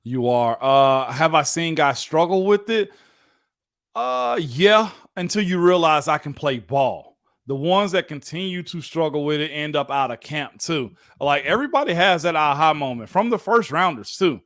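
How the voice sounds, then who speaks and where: A man co-hosting a casual sports talk show as a former pro football lineman, talking in an animated, folksy way. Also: fairly high pitch, moderate pace, no room sound, clean studio sound. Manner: animated, folksy, repeats "you know what I'm saying".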